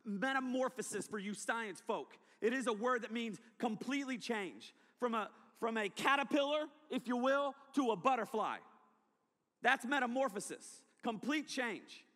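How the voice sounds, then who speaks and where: A man preaching a testimony sermon, telling his story with animated delivery. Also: very high-pitched, normal speed. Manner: animated storytelling, acting out past self. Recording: long hall reverb.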